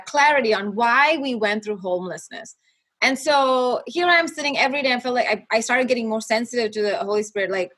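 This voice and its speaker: A young woman with a fairly high voice tells her personal faith testimony. She speaks earnestly and haltingly, often restarting her sentences as she works through painful memories. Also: fairly bright tone. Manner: halting, with many restarts and fillers. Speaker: guest sharing her testimony.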